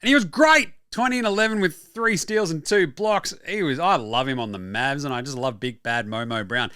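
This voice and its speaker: Aussie guy hosting basketball chat, bright punchy voice, excitable and sweary. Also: on the high side, moderate pace, clear, resonant tone, dry recording, studio quality. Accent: Australian. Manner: excitable, swears freely, animated asides. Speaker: basketball show host. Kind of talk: casual sports talk.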